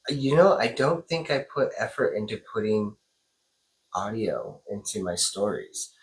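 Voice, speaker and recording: A young man chatting casually as a co-host, animated and thinking aloud with restarts. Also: on the low side, a little slow, low-quality recording. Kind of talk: casual chat.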